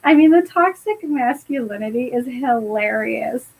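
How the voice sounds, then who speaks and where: High-voiced woman, podcast co-host, animated casual recap. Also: measured pace, gravelly, husky, poor audio. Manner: animated, laughs often, quotes characters in passing. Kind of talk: casual chat recapping a film.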